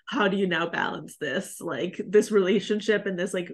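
A woman co-hosting a podcast in casual chat, talking fast and loose with lots of "like" and mocking asides. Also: lowish voice. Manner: chatty, heavy on "like", mocking impressions. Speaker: podcast co-host.

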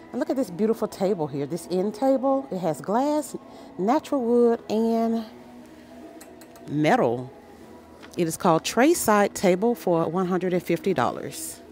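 Inside a large furniture store, a shopping vlogger records a casual walkthrough in a mid-range, slightly mellow voice. She gushes over each piece with enthusiasm, exclaiming often.

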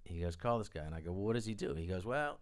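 Low-voiced guy rambling thru a story, doing little voices for the people in it. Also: racing. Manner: rambling, animated, acts out quoted people. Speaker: guest, record producer and drummer. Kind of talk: anecdotal storytelling interview. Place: studio with live audience.

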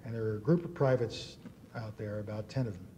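Mellow man telling stories at a dinner. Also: on the low side, a little fast, a little hiss or hum. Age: 50s. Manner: anecdotal storytelling with acted quotes. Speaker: dinner speaker. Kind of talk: after-dinner speech. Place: banquet hall.

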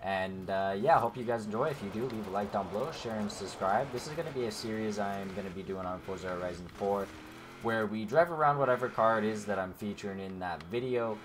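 A man's voice: lowish voice, brisk, noisy background. A man casually commenting over gameplay as a gaming YouTuber, rambling and chatty with many fillers, talking straight to his viewers. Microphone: desk microphone.

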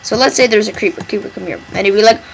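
A woman's voice: medium pitch, very fast, gravelly, a little hiss or hum, low-quality recording. A woman hosting a gameplay video, rambling playfully with mock-dramatic asides. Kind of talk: casual gameplay commentary.

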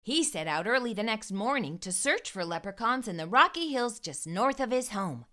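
A woman hosts a children's storytime and reads a picture book aloud with expressive narration. Her voice is bright and fairly high, and it moves up and down in a lively way. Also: normal speed. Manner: warm expressive read-aloud. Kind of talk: read-aloud storytelling for kids.

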